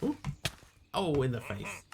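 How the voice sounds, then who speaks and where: A man's voice: mid-range voice, huge pitch swings, measured pace, very noisy. A man playing a game on a live stream, chatting casually with viewers and yelping aloud whenever his character takes a hit.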